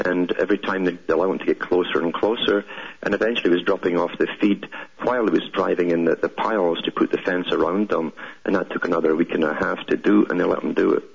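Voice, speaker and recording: A man's voice: low-pitched, steady tone, fairly quick, vocal fry, slightly rough. An older man hosting a call-in radio show, explaining at length and telling stories to a caller. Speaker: radio talk show host. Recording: muffled radio broadcast audio.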